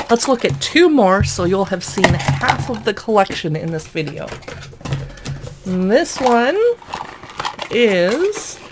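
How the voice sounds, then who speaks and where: A woman's voice: a little high, noisy background. Chatty amused woman unboxing toys. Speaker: toy unboxing vlogger. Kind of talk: casual unboxing narration.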